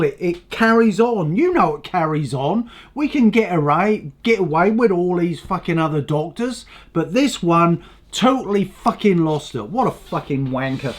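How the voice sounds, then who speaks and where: Profane, blunt male ranter. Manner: swings between loud outbursts and low mutters. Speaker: channel host. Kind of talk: casual ranting commentary.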